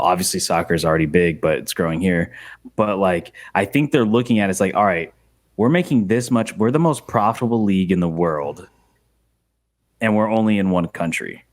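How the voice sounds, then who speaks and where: Podcast co-host, man, lower voice, chatty and opinionated. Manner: opinionated, talks in long runs with fillers. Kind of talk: casual sports chat.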